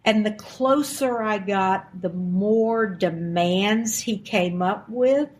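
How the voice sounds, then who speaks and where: A woman's voice: mid-range voice, takes it slowly, a little mellow, slight background noise. A woman in her sixties from Alabama, a guest recounting a personal story and acting out the quoted dialogue with animation. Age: 60s.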